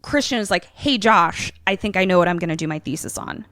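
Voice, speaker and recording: A podcast co-host, a young adult woman, speaks a little fast in a lowish voice as she casually recaps a film. She's an animated storyteller who acts out what the characters say. The studio recording is clean and echo-free.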